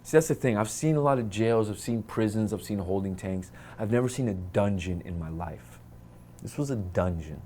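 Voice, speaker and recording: A man's voice: lowish voice, lively intonation, moderate pace, a little hiss or hum. Man dramatically retelling a personal story. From United States. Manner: dramatic retelling, acts out quoted lines and drops to hushed tones; mixes in Arabic phrases. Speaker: interviewee telling a personal story.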